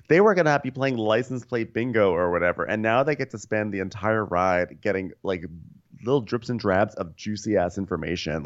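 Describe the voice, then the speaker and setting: A man's voice: low voice, muffled recording. A man co-hosting a podcast, recapping a reality show with jokey, mock-dramatic impressions. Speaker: podcast co-host. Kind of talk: comedic recap chat.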